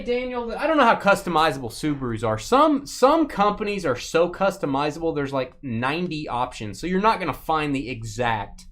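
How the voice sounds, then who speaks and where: Joking man hosting a lively card break. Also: fairly high pitch, brisk, hardly any pauses. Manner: joking, rambling, reads viewer chat aloud. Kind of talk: casual live-stream chat.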